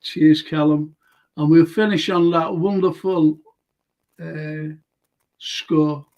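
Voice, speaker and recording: A man's voice: on the high side, fairly even intonation, slow, a little mellow. An older man hosting a casual chat show, rambling through anecdotes with lots of fillers. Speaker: show host.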